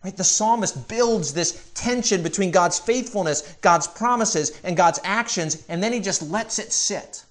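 A man preaching a sermon as pastor, earnest, building to emphatic repeated questions and dropping softly on key phrases. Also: high-pitched. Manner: drops to slow, soft emphasis on key phrases.

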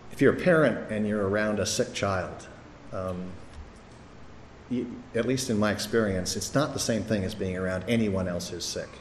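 A man's voice: low-pitched, a little hiss or hum. A middle-aged man giving a sermon as pastor, earnest and conversational, with some restarts. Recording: echoey hall, faint ambience.

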